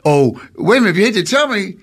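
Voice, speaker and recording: Husky-voiced man riffing animatedly. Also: sits high, sing-song, fast. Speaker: comedian guest. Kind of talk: casual comedic chat.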